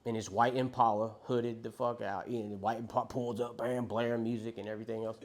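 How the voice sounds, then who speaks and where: A man's voice: medium pitch, level tone, fast talker. A young man candidly telling his story of addiction and loss to a recovery group, speaking in a conversational, profane way.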